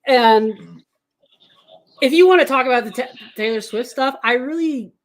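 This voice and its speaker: Talking football as a podcast guest, this Kansas City-area woman keeps things casual, wandering off on tangents and laughing frequently. She speaks at a normal speed in a high-pitched voice.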